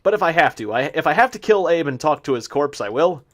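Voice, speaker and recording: Man doing let's-play commentary, slightly high voice, casual and chatty, talks to in-game animals. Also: big pitch swings, fast talker. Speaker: gameplay commentator.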